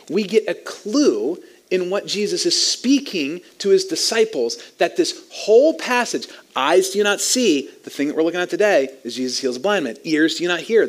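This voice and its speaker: Guy preaching a sermon, kinda high voice, animated, chuckles as he teaches. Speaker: pastor.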